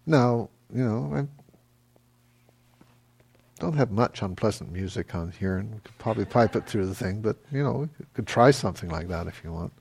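A middle-aged man teaching a meditation class, answering questions in a relaxed, halting way with many fillers. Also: lowish voice, creaky, breathy edge. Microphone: microphone.

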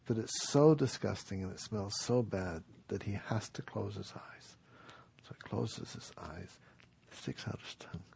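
Gravelly husky male storyteller. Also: fairly low pitch. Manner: relaxed, unhurried storytelling with many fillers. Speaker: dharma teacher. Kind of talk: storytelling talk.

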